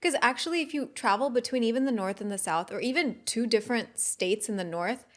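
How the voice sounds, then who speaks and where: A woman co-hosting a podcast who talks thoughtfully and often pauses to search for words. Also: on the high side. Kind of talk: casual podcast chat.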